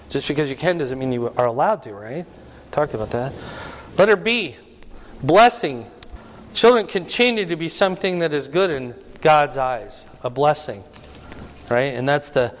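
A man's voice: medium pitch, lively intonation, moderate pace. A man preaching a sermon, teaching in a conversational way and often checking in with the audience. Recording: long reverb of a hall.

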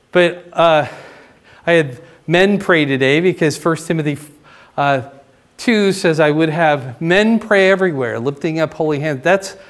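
A male pastor teaching a sermon in a conversational way, often checking in with "right?" and "okay?", his voice climbing higher and louder to stress a point. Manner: rises in pitch and volume for emphasis.

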